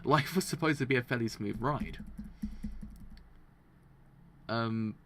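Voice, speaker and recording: Man, gravelly voice, mid-pitched, live reaction read-through, stumbles over words, excitable. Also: normal speed, a little hiss or hum. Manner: stumbles and restarts over words while reading aloud; excitable, laughs often. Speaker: manga reaction host. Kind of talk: casual live reaction, reading aloud.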